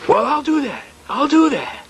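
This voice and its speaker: A man voicing an excited male truck driver who insists on fighting his case in court. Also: very high voice, fast talker, a little hiss or hum, voice pushed up, heavily acted. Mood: eager, insistent.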